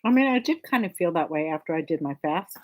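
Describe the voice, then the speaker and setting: A woman's voice: lowish voice, expressive, fast talker, darkish tone. A woman from Missouri co-hosting a knitting podcast in casual chat, laughing often. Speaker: podcast co-host.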